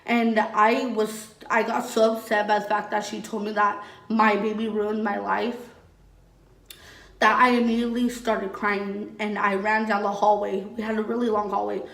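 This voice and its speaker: Recorded at a distance in an echoey room, this young woman vlogger has a mid-range, fairly bright voice. She recounts her own story in casual, blunt talk, swearing often and saying "like" constantly.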